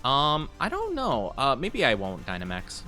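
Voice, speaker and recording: A man casually talking to his viewers while he plays a game, rambling and full of fillers. His voice is bright and forward, at an ordinary pitch. Faint music plays underneath. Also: wildly swooping pitch, a little slow. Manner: rambling and chatty, with lots of fillers. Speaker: livestreamer.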